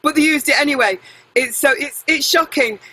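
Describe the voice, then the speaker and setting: A middle-aged woman singer being interviewed, chatty and animated, jumping between tangents and correcting herself. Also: sits high, a little fast, rough recording. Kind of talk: casual interview chat.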